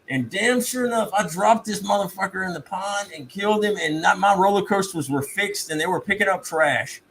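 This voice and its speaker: Gravelly-voiced man telling stories. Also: high voice, a little fast, hardly any pauses, a crowd in the background, poor audio. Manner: profane, animated storytelling with mock-outraged asides. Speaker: streamer host. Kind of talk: casual storytelling chat.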